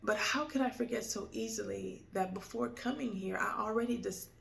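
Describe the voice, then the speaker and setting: A woman telling a personal story in a reflective, halting way. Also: mid-range voice, vocal fry, a bit bright.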